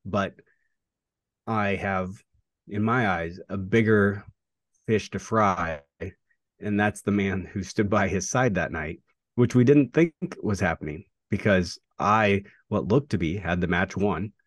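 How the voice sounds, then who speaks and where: A man, a pro wrestler, talking through a rivalry in a casual interview, reflective and halting with fillers and restarts. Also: sits low, no echo.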